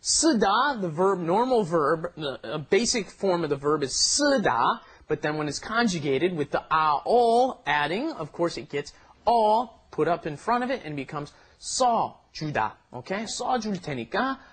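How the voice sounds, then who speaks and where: Man, co-host, husky voice, chatty grammar explanations, casual lesson. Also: sits high, very animated, brisk, fairly bright tone. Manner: explanatory, chatty, says "right?" often.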